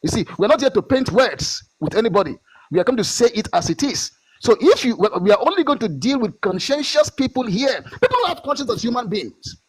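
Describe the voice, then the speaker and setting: A man's voice: very high-pitched, very animated, brisk, breathy edge, rough recording. A Nigerian man giving an impassioned political speech as a guest, fiery and insistent, often repeating and stumbling over words. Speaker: guest speaker.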